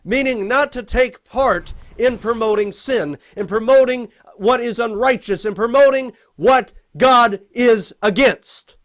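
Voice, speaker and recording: Young male commentator, high-pitched, sermon-like and earnest. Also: unhurried, few pauses, fairly bright tone. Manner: earnest, preaching, quotes scripture. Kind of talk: preachy commentary video.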